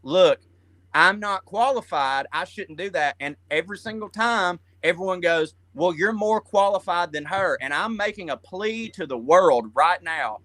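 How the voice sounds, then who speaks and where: A Southern-accented man from Georgia talks in a loose, profane comic ramble. His voice sits a bit high and comes across bright and forceful. The sound is dry and close. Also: measured pace, no echo. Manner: profane, rambling, animated storytelling. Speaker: guest comedian. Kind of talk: casual comedic chat.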